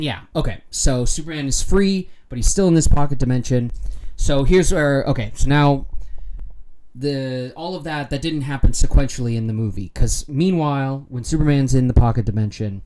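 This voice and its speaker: A middle-aged man giving a chatty, rambling livestream recap of a film. His tone is warm and mellow and his pitch sits in a middling range. He leans heavily on filler words and loose asides. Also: moderate pace, slight background noise. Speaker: livestream host.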